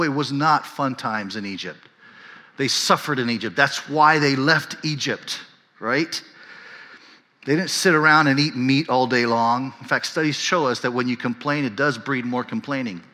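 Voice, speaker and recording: A man preaching a sermon as pastor, conversational and animated, often checking in with his listeners. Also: long reverb tail. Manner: animated, acts out whiny voices and quotes with rising pitch; conversational, often tags lines with "right?".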